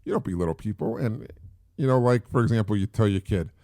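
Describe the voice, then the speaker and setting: A man's voice: on the low side, fast talker, warm tone, no echo, clean studio sound. A middle-aged man hosting a solo podcast, talking in a rambling, casual way with many fillers and repeats. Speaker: podcast host.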